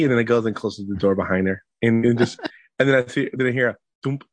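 A man in his thirties, a podcast co-host, telling animated stories about his kids in casual chat. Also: medium pitch, quick pace, no room sound. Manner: animated storyteller acting out his kids' voices.

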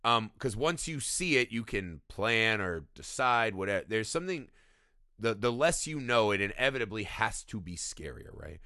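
A man's voice: fairly low pitch, normal speed, no room sound, studio quality. A man co-hosting a podcast, talking about films in casual, profane chat and often tagging "right?" onto his sentences. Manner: profane, animated, keeps saying "right?". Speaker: podcast co-host.

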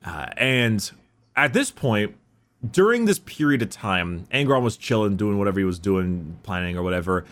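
A man's voice: lowish voice, sing-song, moderate pace, fairly bright tone. Guy telling a story in casual chat, rambly, voice swings up and down a lot. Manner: rambling with fillers and restarts.

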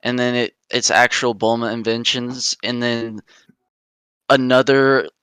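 A man's voice: mid-range voice, flat delivery, measured pace, fairly bright tone, smooth, dry recording. A man co-hosting a podcast in casual chat, with a dry, wry delivery. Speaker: podcast co-host.

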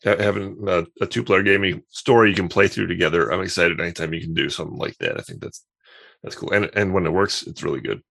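A man with a very low, gravelly voice, chatting casually about games. He talks with easy enthusiasm, often pausing to restart his thoughts. The sound is close and dry. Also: animated, a bit bright, no echo. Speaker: podcast co-host. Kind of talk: casual chat.

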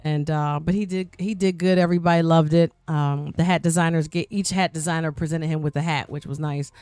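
A woman's voice: deep voice, steady tone, a little fast, darkish tone, smooth, dry recording, faint music behind. A middle-aged woman guest-hosting a podcast, telling stories in a chatty, rambling way. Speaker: guest host. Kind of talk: casual podcast chat.

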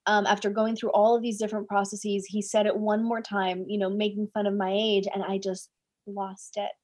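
A woman's voice: medium pitch, moderate pace. A woman speaking English as a second language, a life coach telling a personal story in an interview, with lots of "right?" and "like". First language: not English. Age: 20s at the time recalled; now older. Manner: animated, many "right?" tags and "like" fillers.

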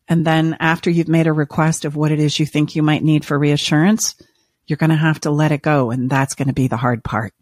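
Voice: medium pitch, no room sound, clean studio sound. Earnest reassuring podcast counselor. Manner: earnest, reassuring, repetitive emphasis. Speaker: podcast host and relationship counselor. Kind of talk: podcast monologue.

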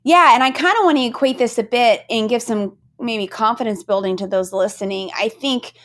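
A woman with a fairly high voice hosts a business podcast in a chatty, enthusiastic way. She asks her guest questions and tells her own anecdotes, laughing easily between points. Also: brisk. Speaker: podcast host. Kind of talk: conversational podcast interview.

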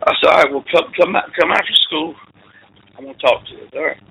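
A man's voice: fairly high pitch, fast talker, creaky, slight background noise, poor audio. A middle-aged man, a football coach telling folksy stories over the phone in an interview. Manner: animated, folksy storyteller with laughs. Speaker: high school football coach.

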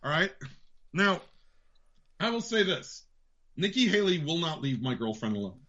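A man with a New York accent hosting a podcast, ranting about politics in a profane, fast, heated way. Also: on the high side, very animated, sharp tone. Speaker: podcast host. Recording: dull lo-fi sound.

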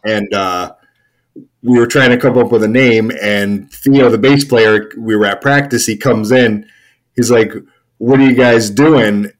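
A man, a musician guest on a podcast, telling a story in a relaxed, casual way with frequent swearing. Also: lowish voice, a little slow, low-quality recording. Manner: laid-back, swears casually.

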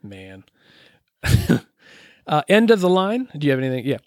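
Relaxed man co-hosting a music podcast. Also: fairly high pitch, normal speed, no room sound, clean studio sound. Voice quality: relaxed, filler-heavy, enthusiastic. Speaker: podcast co-host. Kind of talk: casual music podcast chat.

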